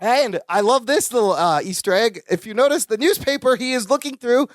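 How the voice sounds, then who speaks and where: A woman's voice: a little high, fairly quick, no room sound. A woman co-hosting a podcast, chatting casually about a sitcom episode, laughing often and acting out the characters' lines. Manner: animated, laughs often, acts out quoted lines. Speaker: podcast co-host. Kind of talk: casual chat recapping a sitcom.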